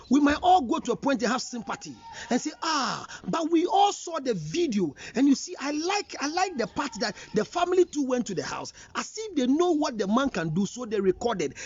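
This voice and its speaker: A man's voice: extremely high pitch, slightly rough, highs cut off. A Ghanaian man giving an emphatic counseling talk, scolding his listeners with rhetorical questions. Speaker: relationship counselor. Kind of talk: counseling talk mixing English and Twi.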